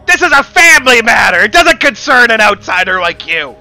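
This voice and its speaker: A man voicing an irate elderly brother who yells and blames, in a shrill, shouting voice. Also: sing-song, a little fast, soft background music, exaggerated voice. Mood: furious. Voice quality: shrill, yelling.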